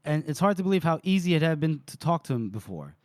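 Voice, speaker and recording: A man co-hosting a book podcast, retelling scenes and quoting lines with frequent laughter. His voice sits a little high and sounds dry and close to the mic. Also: very animated, fast talker, a little mellow, no echo. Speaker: podcast co-host recapping chapters. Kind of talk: casual book recap chat.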